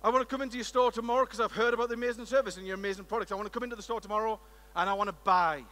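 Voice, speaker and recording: A British man impersonating a weary, smooth-talking male movie star in a low, hushed voice. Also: steady tone, racing. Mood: smug weary. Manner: low, hushed, self-admiring. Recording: echoey large hall.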